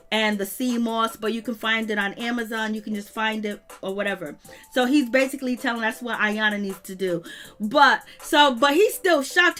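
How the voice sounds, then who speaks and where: A woman hosts her own channel with a high, bright voice that cuts through. She talks in loose slang and laughs often as she dishes on reality TV. Soft music plays faintly behind her. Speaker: channel host. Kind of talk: reality TV gossip commentary.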